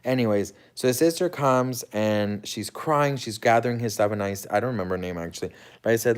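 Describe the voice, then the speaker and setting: A man's voice: on the low side, fairly quick, clean tone. A man telling a dramatic personal story in casual chat, acting out quoted lines and swearing freely. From United States. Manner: animated, dramatic retelling with quoted dialogue and swearing. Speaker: host.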